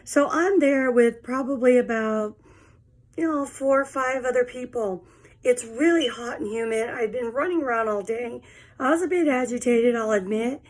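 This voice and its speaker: A woman in her fifties tells a personal story in a frank, rambling way, full of fillers. She sounds tired, and her voice sits a little high for a woman. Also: moderate pace. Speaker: vlogger. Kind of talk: casual storytelling monologue.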